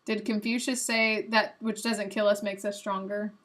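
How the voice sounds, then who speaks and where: A young adult woman hosting a live stream, chatting casually and guessing out loud while she plays a quiz game, a little self-mocking. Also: mid-range voice, level tone, normal speed.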